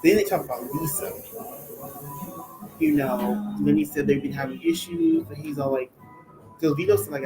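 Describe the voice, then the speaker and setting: A man's voice: on the high side, wildly swooping pitch, normal speed, long pauses, music in the background, poor audio. A man co-hosting a reality TV recap show, casually retelling a scene by quoting each person in turn. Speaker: podcast co-host.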